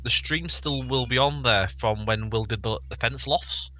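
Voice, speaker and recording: A man's voice: mid-range voice, a little slow, pushed and bright. A man co-hosting a modding stream, chatting and joking as he talks through his progress. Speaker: co-host of a train game modding stream. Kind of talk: casual stream chat.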